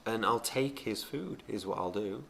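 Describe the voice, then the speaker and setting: A man's voice: lowish voice, normal speed, gravelly, a bit bright, a little hiss or hum. A man co-hosting a podcast in casual chat, boastful and defiant in his banter. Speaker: podcast co-host.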